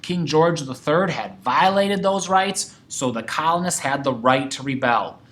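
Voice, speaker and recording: A man's voice: a little high, a little slow. A man teaching a sixth-grade history lesson, talking to his class and acting out quoted voices. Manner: animated, acts out quoted voices.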